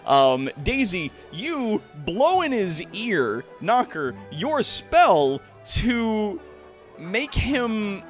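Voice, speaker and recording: Brief: man game master, lively rambling narration, soft background music. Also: high voice, very slow. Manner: rambling narration, many fillers and restarts, laughs often.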